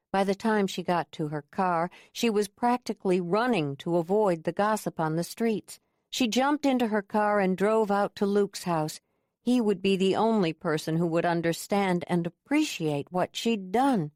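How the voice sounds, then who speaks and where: Speaking in a lowish register, she narrates a scripted audiobook with a measured, level delivery. The recording is clean studio sound, dry and free of reverb.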